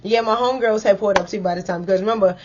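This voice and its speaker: A young woman casually telling a story to her viewers, animated and full of "like" and "y'all". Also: mid-range voice, rapid-fire, muffled recording. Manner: chatty, animated, addresses viewers as y'all with many likes.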